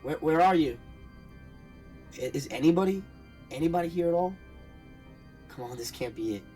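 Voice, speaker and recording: A man's voice: fairly high pitch, lively intonation, moderate pace, warm tone, faint music behind, voice pushed up, lightly acted. A man voicing a frightened lost soul calling out in a pleading, panicked way. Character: frightened lost man's soul, desperate and alone.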